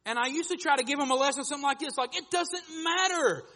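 Pastor, male, high and bright-voiced, lively delivery that jumps from hushed to loud, big echoey sanctuary. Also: rapid-fire. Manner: animated, acts out voices in his stories, swings from quiet to loud. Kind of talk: sermon. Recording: echoey hall reverb.

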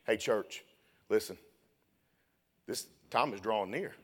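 A young man preaching a sermon, telling a story and then building to loud, shouted preaching. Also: fairly low pitch, slow pace.

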